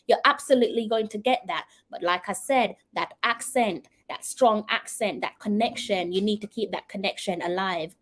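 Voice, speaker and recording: A Jamaican woman with a mid-range voice hosts a live-stream commentary, speaking a little fast with few pauses. She answers viewer comments earnestly and persuasively, addressing her viewers directly in a Jamaican accent.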